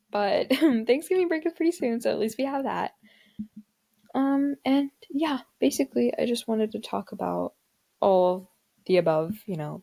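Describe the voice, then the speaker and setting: This teenage podcaster, whose family is Indian, has a fairly high, gravelly voice with a darkish tone. She talks solo in a casual, theatrical manner, leaning heavily on fillers.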